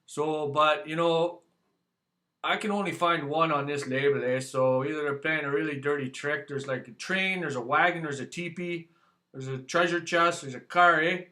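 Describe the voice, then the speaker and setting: Speaking at normal speed in a fairly high, bright, forceful voice, this Canadian-accented man chats to camera while reviewing a beer for his channel. His talk is rambling and jokey, with "eh" ending his sentences.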